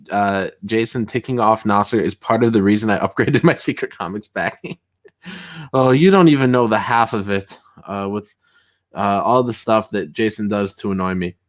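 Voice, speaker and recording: A young man hosting a casual livestream, reading chat messages aloud, laughing often and getting loud and worked up when he tells a story. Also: lowish voice. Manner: chatty, excitable, laughs often, rising to shouts when riled. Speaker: streamer host reading chat.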